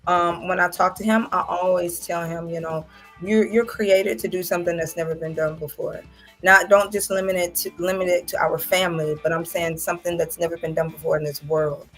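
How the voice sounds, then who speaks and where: A woman with a slightly low voice talks openly and with feeling, as a proud mother in a casual conversation. She gets animated and laughs easily. Soft music plays faintly underneath. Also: fairly quick. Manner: emotional, animated, laughs often. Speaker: guest, mother of a young athlete. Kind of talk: casual heartfelt chat.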